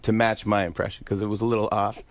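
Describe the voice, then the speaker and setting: A man, a comedian guest in a radio studio, telling animated anecdotes and laughing between lines. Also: fairly low pitch, fast talker. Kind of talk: storytelling interview.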